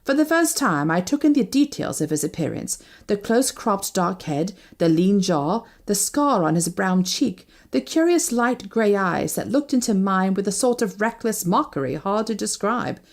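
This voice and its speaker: A woman's voice: moderate pace, few pauses. A woman narrating a first-person novel as an audiobook, reading expressively. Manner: expressive, shifting pitch with each character.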